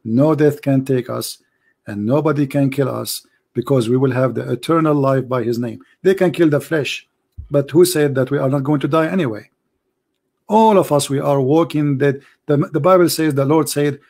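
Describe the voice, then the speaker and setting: A man with an Arabic accent hosting a live call-in show, hoarse from losing his voice, preaching fervently and rising to emphatic declarations. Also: medium pitch, a little mellow.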